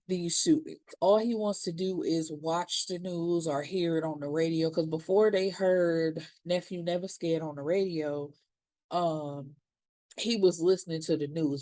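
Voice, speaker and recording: A woman recaps a TV episode in a relaxed, slangy way and acts out the characters' lines as she goes. Her voice sits fairly low and sounds warm and mellow. The recording is dry and close, with no room sound. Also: measured pace, dry recording. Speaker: TV series reviewer.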